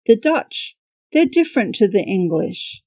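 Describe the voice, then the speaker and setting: A woman voicing a cheerful little old male drink seller who speaks broken English in a bright, eager way. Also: mid-range voice, sing-song, unhurried, dry recording. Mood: gleeful.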